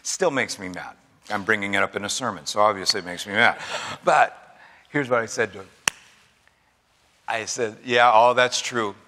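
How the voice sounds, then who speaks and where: Animated preacher in a reverberant church. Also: male voice, lowish voice, moderate pace, pauses often, a little hiss or hum. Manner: preaching with rising fervor, repetition and asides. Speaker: pastor. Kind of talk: sermon. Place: large church sanctuary.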